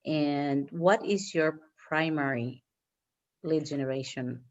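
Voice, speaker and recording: A woman's voice: low voice, slow pace, highs cut off. A woman taking part in a video call meeting, asking eager, stammering questions. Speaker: meeting participant. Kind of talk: casual video call chat.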